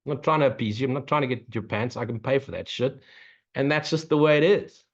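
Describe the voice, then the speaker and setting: Talking fast in a mid-range voice, a man who is a spiritual teacher gives a laid-back Q&A session. He's blunt, curses a lot, and jokes between points, captured on a muffled, lo-fi recording.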